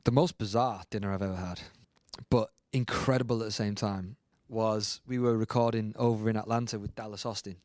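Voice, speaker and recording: A man, a guest musician, telling a story in a lively, casual way and acting out the quotes. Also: lowish voice, fairly quick, no room sound. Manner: animated storyteller, acts out quotes, many fillers.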